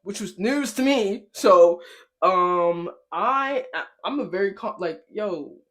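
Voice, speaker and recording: A young woman hosting a podcast, telling a casual story in a lively, animated way, swearing and laughing often, her voice shooting up high when she is shocked. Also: slow pace. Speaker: podcast host.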